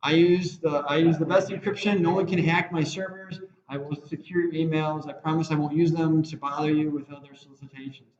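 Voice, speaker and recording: A man's voice: fairly high pitch, fairly even intonation, brisk, few pauses. A man teaching a web design class in a rambling, conversational way, often acting out quoted lines. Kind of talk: classroom lecture. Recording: roomy, slightly dull classroom recording.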